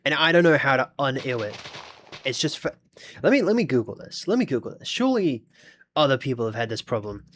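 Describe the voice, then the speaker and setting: Australian male streamer, mid-pitched, rambling and chatty, talks to chat as he tinkers. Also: sing-song, fairly quick, a bit bright, a little hiss or hum. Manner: chatty, thinks aloud, talks to chat while fiddling with the game. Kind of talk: casual live-stream chat.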